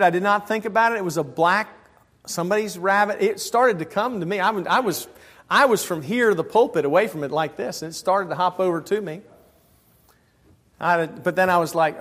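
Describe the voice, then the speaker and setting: High-voiced animated preacher man. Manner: animated, joking, swings between loud emphasis and quiet asides. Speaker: pastor. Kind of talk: sermon. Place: church.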